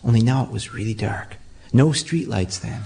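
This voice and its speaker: Man storyteller, dramatic delivery, suspenseful spooky tale, middle pitch. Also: moderate pace, vocal fry. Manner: dramatic, animated, builds suspense. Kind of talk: oral storytelling performance.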